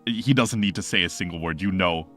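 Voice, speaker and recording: Rambling game master, male, low voice, faint music underneath. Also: brisk, fairly bright tone. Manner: loose, rambling, full of "like". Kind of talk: narrating a tabletop game.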